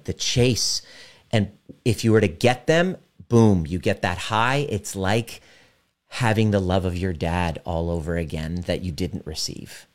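A relationship coach with a deep voice speaks directly and emphatically to a live audience, slowing down to guide them through a visualization.

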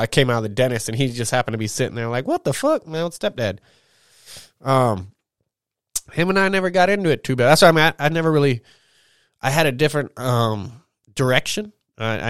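A man's voice: medium pitch, clean tone, no room sound, clean studio sound. Candid, profane man on a podcast. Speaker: podcast host. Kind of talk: casual podcast monologue.

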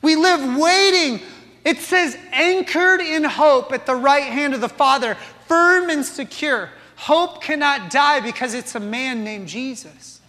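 A man's voice: extremely high pitch, unhurried, bright, forceful tone, long reverb tail. A man preaching a sermon, impassioned and asking the congregation rhetorical questions. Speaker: pastor.

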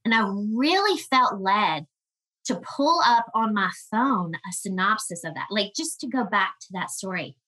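A woman guest on a podcast, telling a personal story in an earnest, emotional way with halting restarts. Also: mid-range voice, lively intonation, pushed and bright, low-quality recording.

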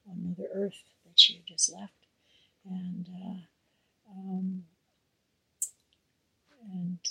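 A woman telling a traditional story out loud in an unhurried way, full of fillers and trailing soft phrases. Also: fairly low pitch, dry recording, rough recording. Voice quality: husky, gravelly. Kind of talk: oral storytelling.

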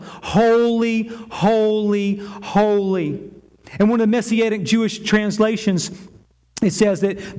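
A man with a high voice preaching a sermon in a church. He builds his phrases through emphatic repetition and speaks as the pastor addressing his congregation. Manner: emphatic preaching, repeating words for effect.

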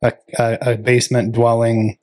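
A man with a mid-range voice co-hosting a podcast. He speaks reflectively and haltingly in casual chat, restarting his sentences and leaning on fillers. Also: mid-range voice, flat delivery, a little mellow. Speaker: podcast co-host.

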